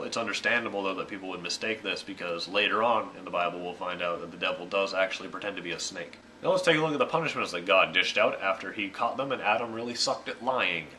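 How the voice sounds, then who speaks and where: Young man, low pitch, bright forceful tone, irreverent joking bible explainer. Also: slight background noise, poor audio. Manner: jokey, irreverent, uses slang. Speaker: YouTube Bible reader and explainer. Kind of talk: Bible reading and casual comic commentary.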